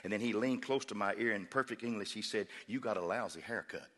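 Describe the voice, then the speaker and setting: A man's voice: lowish voice, fast, very noisy, close to an everyday voice. A preacher voicing a cheerful male traveler who raves about his trip. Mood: delighted. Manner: enthusiastic, glowing.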